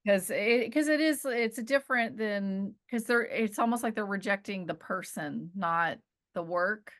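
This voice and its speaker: Woman guest, bright and forceful voice, chatty and animated in casual talk. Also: medium pitch, measured pace. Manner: animated, chatty, laughs while explaining. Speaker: cinematographer guest. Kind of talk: casual interview chat.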